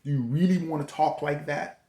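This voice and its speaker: A man's voice: a little high, normal speed, a little mellow. A man giving a motivational talk, preachy and repetitive, full of rhetorical questions. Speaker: host. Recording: echoey room.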